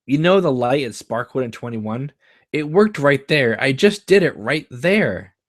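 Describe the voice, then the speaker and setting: A man's voice: mid-range voice, expressive, a little slow, pitched above the performer's own voice, natural voice. A man reading the part of a befuddled, affectionate middle-aged father who is a doctor, with an exasperated, blustery delivery.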